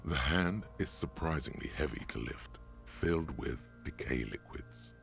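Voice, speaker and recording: Grim detective-game narrator, extremely deep, rough and fried. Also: male voice, measured pace, fairly bright tone, soft background music, full character voice. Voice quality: gravelly, very deep. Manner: grim, clinical description. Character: gruff male inner-voice narrator of a detective game. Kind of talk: game voice acting.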